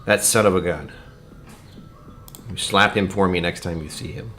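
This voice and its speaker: Deep-voiced man musing over whiskey. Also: steady tone, a little slow, sharp tone, slight background noise. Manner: rambling, muttering asides, dropping to near-whispers. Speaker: whiskey-tasting streamer. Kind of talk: casual livestream chat.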